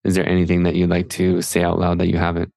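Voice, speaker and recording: A man's voice: deep voice, monotone, fast, vocal fry, darkish tone, no room sound, studio quality. A man hosting a podcast, chatting with enthusiasm and rambling with many fillers. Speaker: podcast host. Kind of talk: casual podcast interview.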